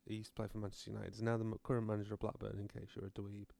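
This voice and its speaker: British man, comedic rant, low gravelly voice, sardonic, swearing, dry close sound. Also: completely flat delivery, very fast, mellow, no room sound. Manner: rambling, sardonic, swears freely.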